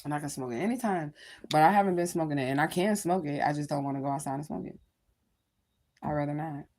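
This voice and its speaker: Candid, slightly low-pitched woman livestreaming. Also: fast, darkish tone. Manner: candid, rambling, swears freely; addresses viewers directly. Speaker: livestream host. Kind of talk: casual livestream chat.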